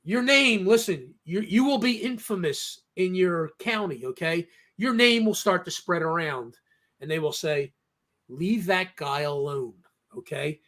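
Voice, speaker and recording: A man's voice: sits high, animated, unhurried, fairly bright tone. A man hosting a casual talk discussion, emphatic and insistent, often tagging his points with "okay?" and acting out the people he quotes. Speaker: host.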